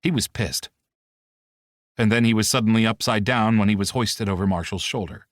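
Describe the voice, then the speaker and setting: A male audiobook narrator with a low-pitched voice reads at a moderate pace in a steady, expressive storytelling style. The recording is very dry and close, with no room sound.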